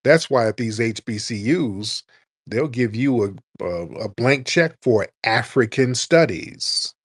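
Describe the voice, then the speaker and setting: A man's voice: medium pitch, lively intonation, takes it slowly, husky. A man hosting a live call-in talk show, speaking in an emphatic, repetitive, preaching way. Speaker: host.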